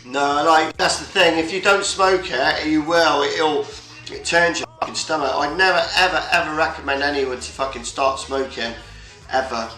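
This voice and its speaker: Sweary man, bright and roomy. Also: fairly high pitch, moderate pace. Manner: sweary, rambling, colloquial. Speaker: livestream host. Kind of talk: casual chat. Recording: roomy echo, faint music behind.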